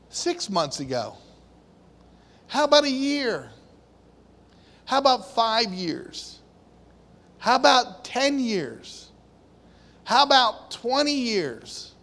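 Male preacher, high voice, deliberate impassioned sermon delivery, reverberant hall. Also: a bit bright. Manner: impassioned, questioning the congregation.

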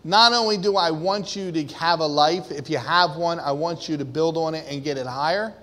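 A man preaching a sermon with great passion, swinging from hushed, deliberate lines to loud, emphatic ones. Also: a little high. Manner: impassioned, swinging from quiet to shouting. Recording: long reverb of a hall.

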